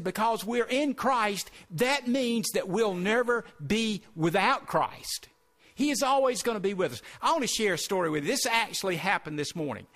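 A male pastor preaches with a notably high-pitched voice. His delivery is earnest and emphatic, and he keeps pressing his listeners with rhetorical questions. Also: a bit bright. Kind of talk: sermon.

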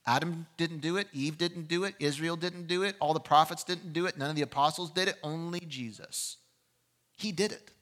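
Bright-voiced male preacher. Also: a little high, normal speed. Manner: animated storytelling, acting out voices in a courtroom scene. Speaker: pastor. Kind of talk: sermon.

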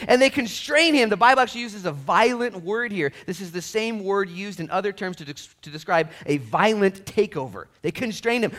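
Man preaching, pastor, animated pitch swings, energetic, casual slang, loud to hushed. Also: fairly quick, hardly any pauses. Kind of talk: sermon.

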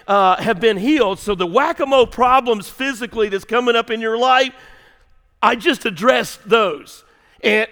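A man preaching a sermon as pastor, animated and conversational, swinging between loud emphasis and hushed asides. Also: high-pitched, big-room sound.

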